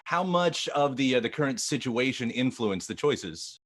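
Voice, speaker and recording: A man's voice: medium pitch, sing-song, normal speed. A man hosting an interview, asking long, thoughtful questions with frequent restarts. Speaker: interview host.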